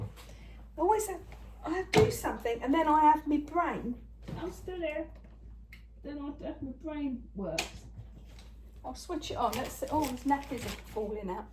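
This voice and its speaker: An older woman with a husky voice, chatting casually to camera about her crafts as she walks around her kitchen holding the phone. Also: high voice, background noise. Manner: chatty, rambling, talks to her cat and viewers. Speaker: craft vlogger. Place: home kitchen, indoors.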